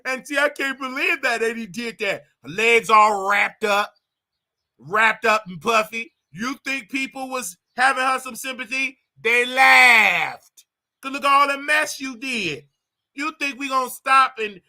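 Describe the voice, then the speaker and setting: A man's voice: very high-pitched, pushed and bright. A man hosting a commentary show, talking in a casual, mocking way and mimicking others in exaggerated voices. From United States.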